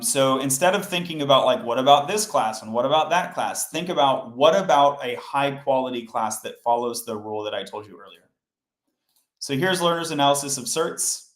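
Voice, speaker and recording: Chatty man teaching code live, roomy sound. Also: medium pitch. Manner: chatty, explains step by step, talks to chat. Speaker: coding livestream host. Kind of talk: casual live coding tutorial. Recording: roomy echo.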